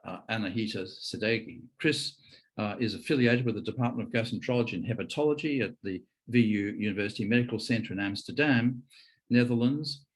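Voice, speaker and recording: A man's voice: fairly low pitch, a little fast, breathy edge, rough recording. A man hosting a webinar, introducing speakers formally with frequent hesitations. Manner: hesitant, many fillers. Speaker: webinar host.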